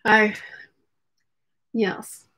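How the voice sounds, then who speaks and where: A woman hosting a casual livestream from home, reading out chat messages, laughing often and talking while she eats. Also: fairly bright tone. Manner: chatty, laughs often, talks while eating.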